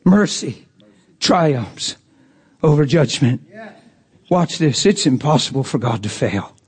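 A middle-aged man preaching a sermon through an animated story, acting out the voices of the people in it and laughing often. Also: medium pitch, slow pace, husky.

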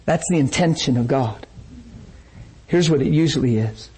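A man's voice: mid-range voice, moderate pace, breathy edge, low-quality recording. A man preaching a sermon in a church, telling stories and acting out the voices in them. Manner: animated storytelling, acts out quoted voices. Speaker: pastor.

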